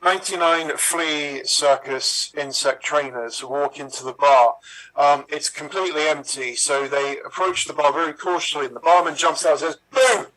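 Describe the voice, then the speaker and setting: A man's voice: on the high side, fairly even intonation, normal speed, a bit bright, rough recording. A man playing an improv pun game, building his jokes hesitantly with fillers. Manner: hesitant, filler-heavy setups. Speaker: improv player.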